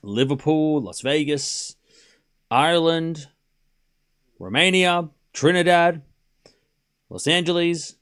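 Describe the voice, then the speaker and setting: A young man hosts a live tennis watchalong, calling points and chatting with viewers, reading out their locations between play calls. His voice is on the high side, fairly bright, clear and resonant, and he takes it slowly with frequent pauses.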